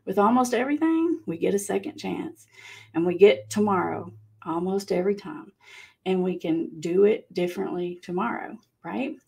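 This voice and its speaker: Gravelly Southern woman chatting live. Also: medium pitch, moderate pace, a little mellow. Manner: chatty, laughs often, reads out viewer comments. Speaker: livestream host. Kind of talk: casual live chat.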